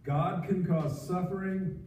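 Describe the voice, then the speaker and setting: A man preaching a conversational sermon as pastor, pausing often with fillers, recorded in a church sanctuary. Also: high-pitched, steady tone, a little mellow, a little hiss or hum. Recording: echoey, distant, dull livestream sound.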